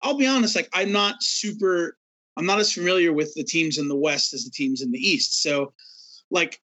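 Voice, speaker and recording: A man's voice: fairly high pitch, moderate pace, bright, forceful tone, low-quality recording. A man co-hosting a podcast, telling a long self-mocking story in loose casual chat. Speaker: podcast co-host.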